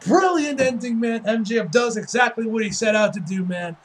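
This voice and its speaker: A man giving a casual, excitable spoken review, full of swearing and repeated "like" fillers. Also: extremely high pitch, a little fast, background noise. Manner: excitable, profane, heavy use of "like". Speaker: wrestling reviewer.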